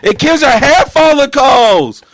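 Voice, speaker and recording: A man's voice: extremely high pitch, expressive, measured pace, fairly bright tone, slight background noise. A young man co-hosting a casual podcast, telling a long, profane story to his friends with lots of laughter. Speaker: podcast co-host. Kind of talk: casual chat among friends.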